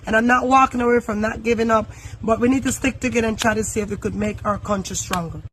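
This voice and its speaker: A woman from Jamaica, a business owner, speaking earnestly and haltingly about her country's troubles. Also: fairly high pitch, fairly even intonation, fairly bright tone, a little hiss or hum. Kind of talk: impassioned interview remarks.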